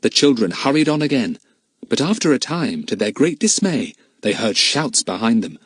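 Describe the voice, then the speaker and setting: A man narrates a children's adventure book in a clear, expressive way. His pitch rises and falls a lot as he tells the story. The sound is dry and close. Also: moderate pace, dry recording. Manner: lively, expressive reading. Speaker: audiobook narrator.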